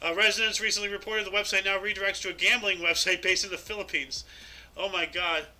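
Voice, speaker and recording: A man's voice: high voice, steady tone, fast, bright, forceful tone, poor audio. A young man co-hosting a casual talk show, reading news stories aloud with stumbles and asides. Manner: reads articles with stumbles and asides. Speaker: podcast co-host reading news.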